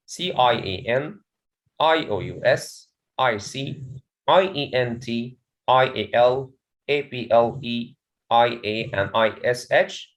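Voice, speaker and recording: Male teacher, slow, repetitive classroom delivery, mid-range pitch. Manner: slow, repeats words and questions to the class. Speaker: English teacher. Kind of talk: classroom lesson.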